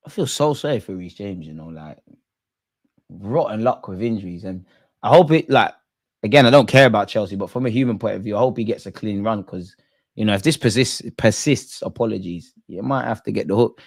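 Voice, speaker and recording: A young man hosting a football watch-along, reacting live, shouting at players and the referee in heavy slang. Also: lowish voice, lively intonation, fairly quick. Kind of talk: live match reaction commentary.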